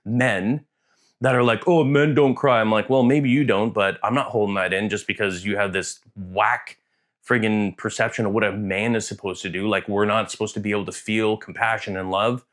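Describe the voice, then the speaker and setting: A man's voice: steady tone, moderate pace, a bit bright. Earnest rambling man vlogging. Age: adult, served in the military. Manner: rambling, self-interrupting, emotional and earnest; acts out quoted voices with big pitch jumps. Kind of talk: casual vlog monologue.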